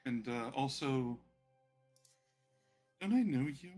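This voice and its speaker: A man's voice: medium pitch, animated, slow pace, a little mellow, faint music behind. A man voicing a vain, pampered godlike male ruler who speaks with grand, offhand condescension. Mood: grandiose. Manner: grandly self-satisfied, offhand and dismissive.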